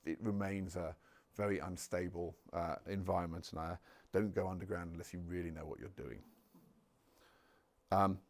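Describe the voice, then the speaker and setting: Halting low gravelly male history speaker. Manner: halting, many ums and restarts. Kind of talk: public talk with slides. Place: village hall.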